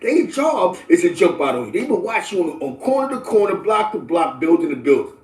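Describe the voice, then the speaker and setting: A middle-aged New man with a fairly high voice hosts a casual livestream, lecturing his viewers in lively street slang. He keeps checking in with "you know what I'm saying". The voice sounds echoey, as if he sits well back from the mic in a bare room. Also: fairly quick. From the Bronx, New York. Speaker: livestream host. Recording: roomy, distant from the mic.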